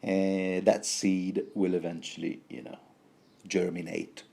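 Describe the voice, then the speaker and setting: Rambling, hesitant man with a dark voice. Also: sits low, flat delivery, a little slow, vocal fry. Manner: hesitant, many fillers, self-correcting, playful asides. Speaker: book commentator. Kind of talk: rambling book commentary.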